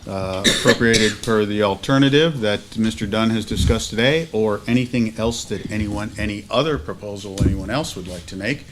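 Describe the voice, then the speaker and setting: Halting man chairing a board meeting. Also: on the low side, noisy background. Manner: halting, restarts with many fillers. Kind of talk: meeting procedure and discussion. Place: school board room.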